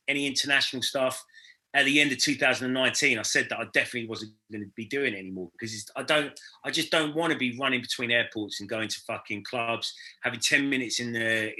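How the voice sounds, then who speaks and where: A young man talking loosely on a podcast, his voice very bright and forceful. He rambles through stories with plenty of fillers and casual swearing, at a medium pitch. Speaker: podcast co-host, DJ. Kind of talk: casual chat.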